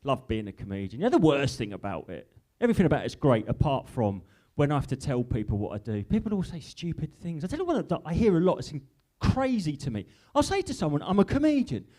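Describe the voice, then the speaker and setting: A man's voice: fairly high pitch, very animated, dark tone. An English man from Norfolk doing a live stand-up comedy set in an industrial unit, chatty and teasing with the crowd. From Norfolk, England. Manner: chatty, teasing crowd work with quick asides.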